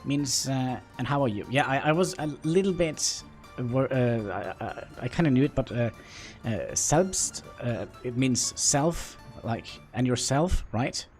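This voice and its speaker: A man with a Norwegian accent talks through a game on a livestream, his voice sitting at an ordinary medium pitch. He speaks haltingly, answering his chat and poking fun at himself, with faint music playing underneath. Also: expressive, a little mellow. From Norway. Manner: halting, chatty, self-deprecating, talks to chat. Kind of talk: casual gameplay livestream commentary. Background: faint background music.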